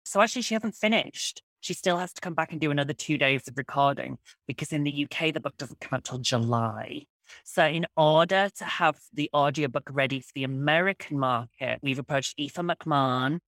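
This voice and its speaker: Animated woman author, dry close sound. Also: low-pitched, dry recording. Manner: animated, quick storytelling. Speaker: author guest. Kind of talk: enthusiastic interview chat.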